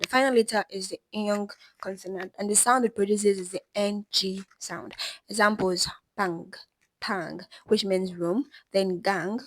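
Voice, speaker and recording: A woman giving a language lesson, explaining steadily and slowing down to sound out each example word. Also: mid-range voice, fairly bright tone, no echo, rough recording. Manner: slows down to sound out example words. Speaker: language teacher.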